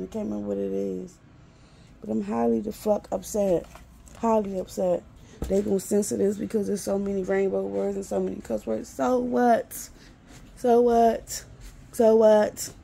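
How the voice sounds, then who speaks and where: A woman's voice: mid-range voice, fairly even intonation, a little fast, creaky, dark tone, a little hiss or hum. A woman in her forties venting to camera in a profane, exasperated rant, repeating herself. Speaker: vlogger.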